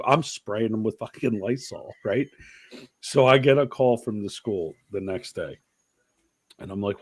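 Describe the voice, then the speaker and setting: A man's voice: lowish voice, measured pace, no echo. A man hosting a podcast, chatting casually and telling stories animatedly, swearing freely. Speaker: podcast host. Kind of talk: casual chat.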